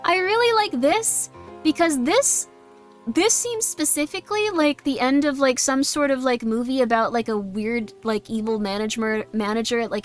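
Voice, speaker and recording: A woman's voice: on the high side, moderate pace, soft background music. A woman streamer chatting casually on a livestream, rambling and reading chat messages aloud.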